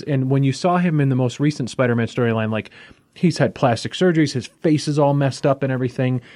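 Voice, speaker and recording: A man's voice: mid-range voice, darkish tone, dry recording, studio quality. A man hosting a comic book podcast, recapping the plot in a rambling, casual way with fillers and restarts.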